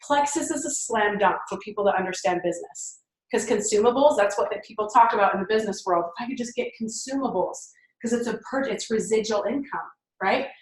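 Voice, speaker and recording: A woman's voice: a little high, echoey room, low-quality recording. A woman giving a team mindset training talk, enthusiastic and chatty, laughing often.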